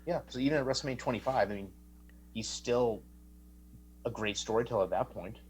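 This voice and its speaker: A man's voice: medium pitch, a little fast, over a noisy crowd, poor audio. A man guesting on an interview, chatting casually in a joking, rambling way with lots of fillers. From Canada. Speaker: wrestler guest.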